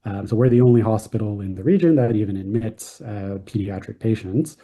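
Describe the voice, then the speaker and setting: A man's voice: on the low side, fairly quick, dark tone, dull audio. A man presenting a clinical research study at a conference, hesitant and full of ums and uhs.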